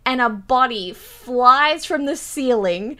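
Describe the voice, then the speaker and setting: A young woman, telling stories and reacting on a stream in a giggly, animated way, swearing casually. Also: high voice, takes it slowly.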